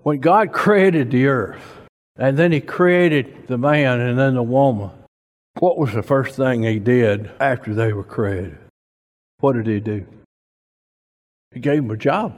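A preacher delivering a folksy sermon, emphatic and slow-paced, his voice pushing up toward near-shouts. He sounds like he's in a church, with a long reverb hanging on every word. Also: medium pitch.

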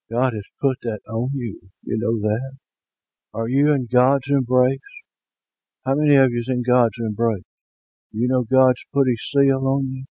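Man, preacher, sermon, folksy, asks the congregation questions, warm mellow voice, dry close sound. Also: mid-range voice, dry recording, lo-fi sound.

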